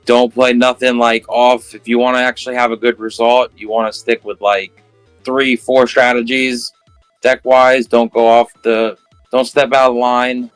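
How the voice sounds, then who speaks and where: A man's voice: medium pitch, flat delivery, unhurried, clean tone, no echo, faint music behind, rough recording. Guy guesting on a podcast, mid voice, loose rambly way of talking, dead dry sound. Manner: casual, rambling, offhand. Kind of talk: casual interview chat.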